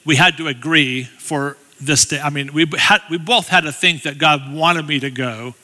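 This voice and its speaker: A middle-aged man tells stories from the pulpit in a very bright, cutting voice that sits a bit high for a man. He talks in a loose, chatty way and drops in self-deprecating asides to the crowd. His voice rings out with a long reverb through a big church hall. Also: normal speed. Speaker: guest speaker. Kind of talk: storytelling sermon.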